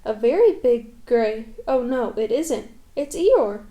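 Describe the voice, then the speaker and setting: A woman voicing a simple, kindly male toy bear who talks gently and hesitantly. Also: a little high, animated, slow pace. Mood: gentle.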